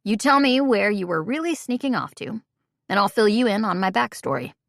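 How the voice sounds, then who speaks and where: A woman voicing a charming, evasive young man in an audiobook, speaking slowly and teasingly. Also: mid-range voice, animated, gravelly, no echo, clean studio sound. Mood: sly. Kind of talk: audiobook character voice.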